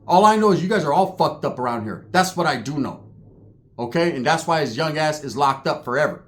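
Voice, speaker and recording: Man ranting, animated street slang. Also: fairly high pitch, brisk. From California. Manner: animated street slang storytelling, profane, acts out quotes. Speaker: commentary vlogger. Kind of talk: storytelling rant.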